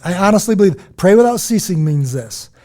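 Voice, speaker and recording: An American man co-hosting a podcast, chatting casually and telling stories, acting out quotes in lively voices. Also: high-pitched, a little fast. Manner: animated storytelling, quotes others in lively voices. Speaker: podcast co-host. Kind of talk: casual chat.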